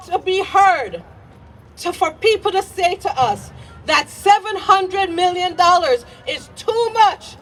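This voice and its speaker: A woman's voice: very high-pitched, expressive, slow pace, a bit bright, slight background noise. A childcare provider speaking at an outdoor rally, angry and shaking, repeating her points and leading the crowd in chants. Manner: angry, repeats lines and leads call-and-response chants. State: shaking with anger. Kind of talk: impassioned rally speech. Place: outdoor rally on a city green. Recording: outdoor crowd recording from a distance.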